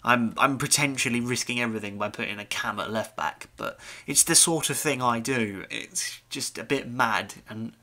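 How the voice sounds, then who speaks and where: A young man giving live commentary on his own football video game, talking to the players on screen and swinging between muttering and shouting. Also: mid-range voice, normal speed, hardly any pauses. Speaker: gaming YouTuber.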